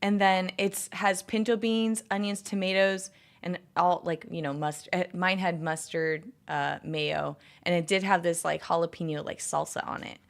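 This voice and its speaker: A woman's voice: fairly low pitch, steady tone, moderate pace, gravelly, hardly any pauses. A woman in her thirties, a livestreamer chatting casually with her viewers, rambling and filling her talk with "like". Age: 30s. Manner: rambling, heavy use of "like". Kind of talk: casual stream chat.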